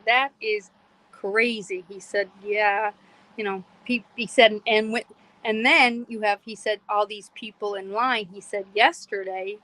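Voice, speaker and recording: A middle-aged woman from Pennsylvania, hosting a podcast and telling a story in a casual, animated way, quoting herself and others and laughing often. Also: medium pitch, rough recording. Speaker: podcast host.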